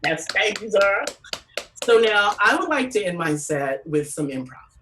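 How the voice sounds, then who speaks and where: A woman telling stand-up stories from California, animated and acting out voices with big pitch jumps. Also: normal speed, far from the mic, slight background noise, low-quality recording. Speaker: comedian. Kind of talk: stand-up storytelling.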